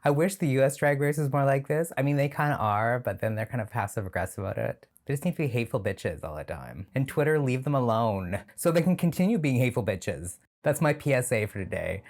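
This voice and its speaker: A man's voice: mid-range voice, lively intonation, fast, few pauses, darkish tone. A man hosting a reaction video, talking casually and sardonically and laughing often.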